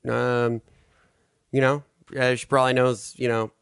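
A man co-hosting a podcast, speaking deadpan and hesitant, full of fillers. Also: mid-range voice, unhurried, creaky, smooth, no echo, studio quality. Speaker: podcast co-host. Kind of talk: casual podcast banter.

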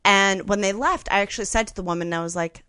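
A woman, a guest comedian, telling a story in a chatty, animated way with lots of fillers. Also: medium pitch, fast talker, clean tone, no room sound. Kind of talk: casual anecdote telling on a podcast.

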